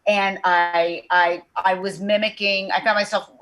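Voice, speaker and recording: A woman voice actor chatting on a video call panel, animated, with many restarts and repeated words. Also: medium pitch, unhurried. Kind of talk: casual panel chat.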